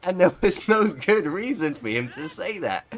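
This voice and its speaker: A man's voice: sits high, big pitch swings, moderate pace. Man, gaming creator, casual chat, rambling, laughs mid-sentence. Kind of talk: casual storytelling over gameplay.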